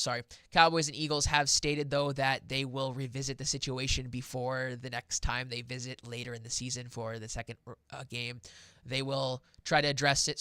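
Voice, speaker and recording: Excitable young man chatting about football. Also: mid-range voice, smooth, no room sound, studio quality. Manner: rambling and excitable, many fillers and restarts. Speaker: sports podcast host. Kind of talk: casual football talk.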